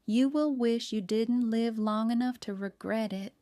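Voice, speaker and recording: A woman's voice: a little high, unhurried, warm tone, no echo, studio quality, close to an everyday voice. A woman voicing a fiery, protective older woman baker in an audiobook, who talks in a folksy, bossy, scolding way. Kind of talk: audiobook character reading.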